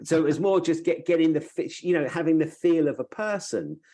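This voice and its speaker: A man's voice: on the high side, fairly quick, dark tone. A man hosting a podcast, talking in a thoughtful, meandering way and often restarting his sentences. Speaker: podcast host. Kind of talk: casual podcast chat.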